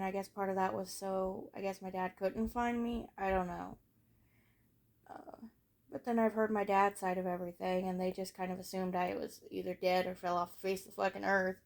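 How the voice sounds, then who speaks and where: A teenage girl talks through her own life story in a casual, rambling way, full of fillers and blunt swearing. Her mid-range voice carries a gravelly fry, and she lets many sentences fade off softly at the end. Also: medium pitch. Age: late teens. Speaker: vlogger.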